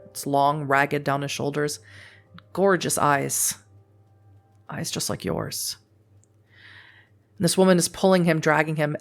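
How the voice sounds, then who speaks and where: Low-voiced woman narrating a tabletop game. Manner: descriptive, measured narration. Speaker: storyteller.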